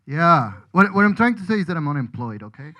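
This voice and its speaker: A man's voice: a little high, very animated, a little fast, pushed and bright, dull audio. A man from Colombia, a comedian rambling through a self-deprecating stand-up set with frequent restarts.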